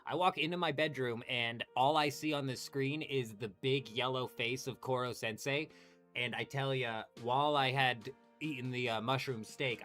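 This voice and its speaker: A young man hosting a live game stream, chatting casually with viewers, animated and full of swearing. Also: medium pitch. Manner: animated, swears a lot, talks to chat by name. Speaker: livestream host.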